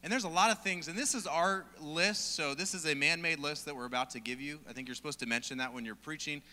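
A man's voice: a little high, fast talker, bright, forceful tone. A man preaching in a conversational, joking manner. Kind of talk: sermon. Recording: long hall reverb.

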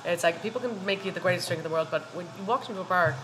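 Irish lady gushing away super fast, laughing a lot, music playing behind her in a bar. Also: fairly low pitch. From Ireland. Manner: warm, effusive, laughs often. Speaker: guest, hospitality worker. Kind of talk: casual chat.

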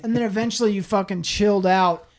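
A man in his late twenties, a podcast co-host, telling a story in animated, profane casual chat. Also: high-pitched, quick pace. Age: late 20s.

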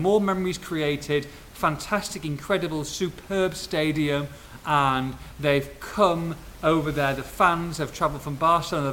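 Chatty higher-voiced man telling stories. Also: a little hiss or hum. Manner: lively anecdotal storyteller, laughs often. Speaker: podcast host. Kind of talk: casual football podcast chat.

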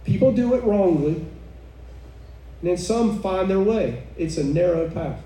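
A woman's voice: fairly low pitch, expressive, takes it slowly, warm tone. Fervent woman preaching in an echoey room. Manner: fervent, exclaiming, chuckling asides. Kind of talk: sermon. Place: room with a live audience. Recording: echoey room, mic far off, faint noise.

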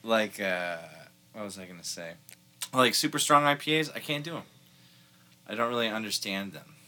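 Lively, bright-voiced casual talker. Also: medium pitch, moderate pace. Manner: joking, playful banter. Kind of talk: casual chat.

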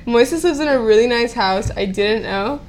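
A woman's voice: a little high, animated, moderate pace, noisy background. A woman co-hosting a casual podcast with dry, teasing humor. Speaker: podcast co-host. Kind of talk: casual chat.

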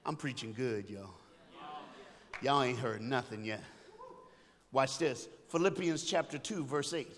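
A man preaching an energetic sermon, calling out to the crowd and getting them to repeat lines back. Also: medium pitch, a little slow, long pauses. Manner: loud, exhorting, call-and-response. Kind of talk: energetic call-and-response sermon. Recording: long hall reverb, faint ambience.

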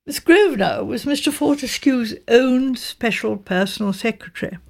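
An older woman reads a classic mystery aloud as an audiobook narrator. Her voice sits a little high and carries a gravelly edge. Her delivery is measured and precise. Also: darkish tone. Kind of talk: scripted narration.

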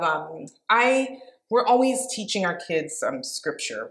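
A woman, a mother, giving a devotional podcast teaching, earnest and emphatic, repeating key phrases and pausing with fillers between thoughts. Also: on the low side, a bit bright. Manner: pauses and restarts with fillers.

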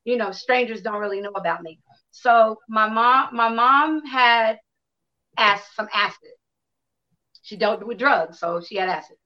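A woman in her fifties, from Chicago, tells her own story with frank, lively delivery. She acts out what people said and swears freely. Her pitch sits in an ordinary middle range, and the recording sounds a little dull and lo-fi. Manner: candid, animated storytelling with acted-out quotes and swearing. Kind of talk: personal storytelling to an audience.

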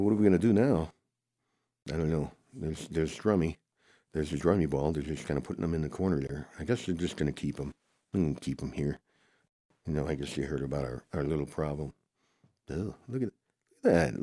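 Deep-voiced man rambling through a story. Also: mellow, no room sound, clean studio sound. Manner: rambling, full of "oh boy" exclamations. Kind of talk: improvised character story.

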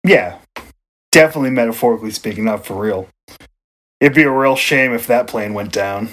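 A man in easygoing conversation who mostly chimes in with short, dry, wry remarks. His voice sits at an ordinary middle pitch and stays relaxed. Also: fairly quick. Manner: laid-back, brief wry interjections. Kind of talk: casual chat.

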